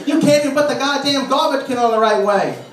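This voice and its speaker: A man doing a stand-up comedy set in a club, complaining about his nagging wife and mimicking her in shrill, exasperated bursts. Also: fast talker. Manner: exasperated, shrieking put-upon impressions of his nagging wife. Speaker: stand-up comic. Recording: roomy club from a distant mic, noisy. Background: crowd laughter.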